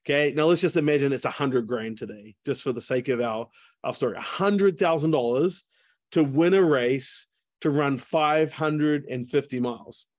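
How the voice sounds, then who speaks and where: A man's voice: medium pitch, moderate pace, no room sound, clean studio sound. A man telling a story in a casual, chatty way, full of asides, over a video call. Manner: chatty, lots of fillers and asides. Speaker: speaker.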